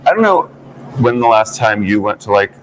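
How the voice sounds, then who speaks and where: A man's voice: lowish voice, very animated, normal speed, slight background noise, low-quality recording. A man co-hosting a morning talk show, telling stories in a chatty, playful way. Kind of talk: casual chat.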